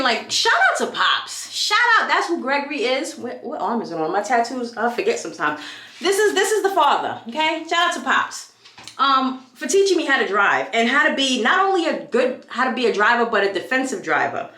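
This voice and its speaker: A woman's voice: on the high side, big pitch swings, fairly quick, pushed and bright, reverberant. A young woman from New York chatting casually as a vlogger while she does her hair, hyped and full of tangents. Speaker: beauty vlogger.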